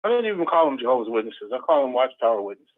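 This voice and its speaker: A man's voice: mid-range voice, very animated, rapid-fire. Earnest man on a tinny line. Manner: earnest, stammers and restarts. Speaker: ex-Jehovah's Witness panelist. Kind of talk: casual group chat.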